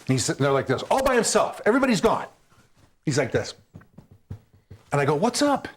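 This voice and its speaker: A male comedian tells a story with a pitch that leaps all over the place, sitting a touch higher than most men. He slips into the voices of the people he describes and throws himself into the telling. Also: fast, breathy edge. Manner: animated, acts out the people in his stories. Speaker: stand-up comedian, guest.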